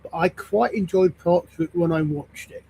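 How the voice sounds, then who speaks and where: A man on a podcast panel, measured and explanatory, a little hesitant. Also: high-pitched, creaky, mellow, a little hiss or hum. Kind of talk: casual group chat.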